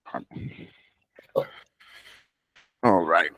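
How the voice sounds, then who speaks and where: A low-pitched man leads a one-on-one speaking practice. He coaches patiently, breaks off to correct and restarts his sentences. The sound is dry and close, with no room around it. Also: extremely slow, sharp tone, dry recording. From United States. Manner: patient, coaching, self-interrupting. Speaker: speaking tutor.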